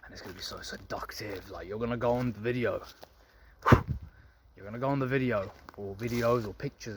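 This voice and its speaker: A man's voice: fairly low pitch, fairly quick, noisy background. A young man giving a blunt, profane, preachy monologue to camera, lecturing the men watching about dating. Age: young adult. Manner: blunt, profane, preachy, addresses viewers as gentlemen. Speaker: men's self-improvement vlogger.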